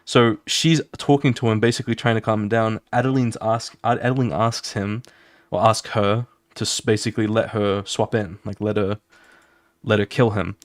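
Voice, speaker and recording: A man who streams his drawing, casually walking viewers through his comic pages with animated, fast talk, swearing and sound effects. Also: lowish voice, dry recording.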